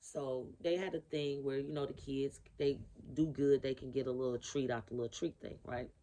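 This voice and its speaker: A woman's voice: a bass voice, steady tone, normal speed, mellow, a little hiss or hum. A woman giving a casual spiritual reading to camera in a blunt, profane, emphatic way, repeating her key phrases. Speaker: spiritual reader.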